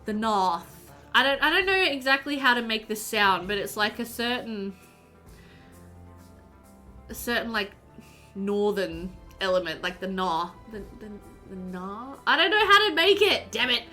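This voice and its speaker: A woman's voice: fairly high pitch, animated, measured pace, long pauses, bright, forceful tone, soft background music. A woman streaming a life-sim game live, chatting loosely, laughing often and reading out her chat as she plays.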